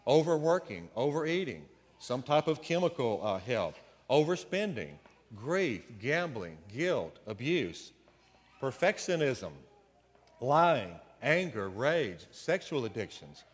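A man's voice: medium pitch, sing-song, slow, big-room sound. A man preaching a conversational sermon, with folksy storytelling asides. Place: church sanctuary.

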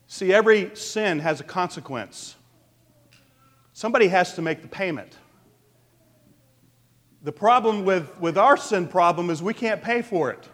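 A man pastor delivering an animated sermon, asking the congregation questions. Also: high voice, a little slow, long pauses. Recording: long reverb of a large hall.

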